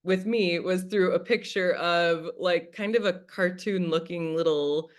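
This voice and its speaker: Chatty woman with a lowish voice. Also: a little slow. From United States. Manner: chatty, acts out her own past thoughts in quoted asides. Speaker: class facilitator. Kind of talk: casual teaching talk.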